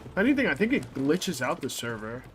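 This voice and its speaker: A man's voice: fairly high pitch, big pitch swings, brisk, a little hiss or hum. A young man chatting casually while streaming a game, rambling and swearing, with lots of filler words. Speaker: gameplay streamer. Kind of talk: casual chat while playing.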